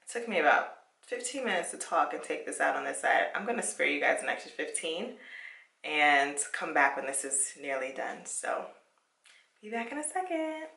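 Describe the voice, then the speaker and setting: A young woman vlogging from her parents' home, talking casually about goals as she undoes her hair. Her voice sits low with a gravelly edge, and she laughs often as she encourages viewers. The sound carries an echo from the room, and she sits well back from the mic. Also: very animated, moderate pace, pushed and bright, recorded from a distance. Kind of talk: casual chat while taking out hair.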